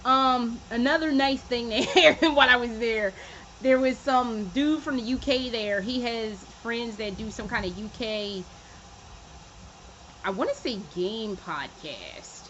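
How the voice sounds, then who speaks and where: Young woman, fairly high voice, chatty and profane vlog talk, dull lo-fi sound. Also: a little slow, fairly bright tone, slight background noise. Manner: chatty and profane, laughs often. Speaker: vlogger. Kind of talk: casual vlog recap. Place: room at home.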